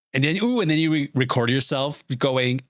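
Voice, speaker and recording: A medium-pitched man chats casually while drawing storyboards on stream, rambling along, laughing often, and using "like" constantly. The sound is studio quality with no room sound.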